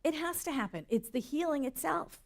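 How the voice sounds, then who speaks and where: Middle-aged woman minister, sermon delivery, earnest storyteller, a bit high-voiced. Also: animated, fairly quick, vocal fry. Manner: earnest, storytelling, rises for emphasis.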